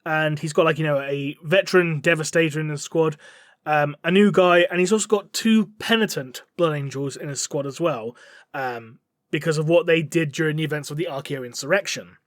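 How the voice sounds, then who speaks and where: Male podcast co-host, high voice, rambling recap, dry close sound. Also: fairly quick, no echo. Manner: rambling, swears, acts out characters' lines. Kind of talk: casual story recap.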